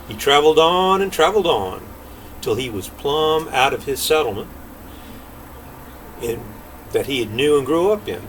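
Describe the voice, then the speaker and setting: An older man reading a folk tale in an unhurried, folksy drawl. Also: medium pitch. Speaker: storyteller. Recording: distant mic, faint air-conditioner hum.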